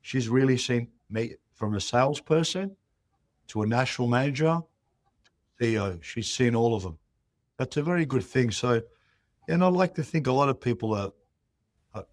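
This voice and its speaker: Man, animated storyteller, dry sound. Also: medium pitch, moderate pace, no room sound. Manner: animated, acts out dialogue in stories. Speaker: real estate CEO, guest. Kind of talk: interview storytelling.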